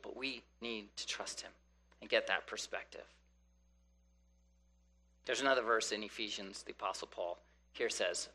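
A man preaching a sermon in an animated way, often acting out the voices of people praying. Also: mid-range voice, moderate pace.

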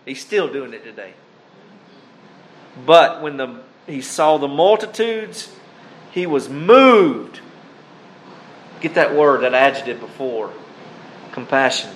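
A man preaching a sermon, reading scripture aloud and speaking to his listeners in short, deliberate phrases. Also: medium pitch, expressive, poor audio. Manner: addresses listeners as beloved, pauses between short phrases.

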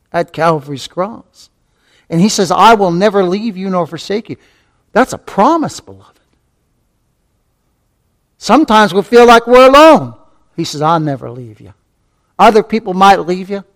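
A man preaching a sermon as pastor, repeating key phrases, asking rhetorical questions and calling listeners beloved. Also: fairly high pitch. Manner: repeats key phrases, rising to fervent emphasis.

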